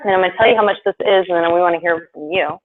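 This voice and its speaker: Woman presenter, lively sales talk, tinny phone-like stream, faint hiss. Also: lowish voice, very fast. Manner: chatty and animated, acts out quoted voices. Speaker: product presenter. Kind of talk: sales presentation to a live audience.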